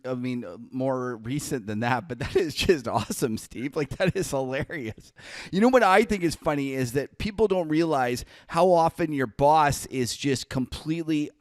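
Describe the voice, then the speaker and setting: Male podcast host, mid pitch, amused, dry close sound. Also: normal speed, hardly any pauses, dry recording. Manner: amused, enthusiastic reactions. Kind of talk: casual chat.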